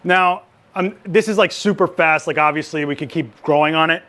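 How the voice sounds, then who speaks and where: Chatty guy walking folks through a live lighting demo, high voice, cracks jokes. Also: fairly bright tone. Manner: chatty, joking, rapid asides. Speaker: photography instructor.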